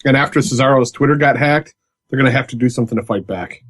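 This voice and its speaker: A man's voice: mid-range voice, quick pace, a bit bright, dry recording. A man in casual podcast banter, jokey and teasing.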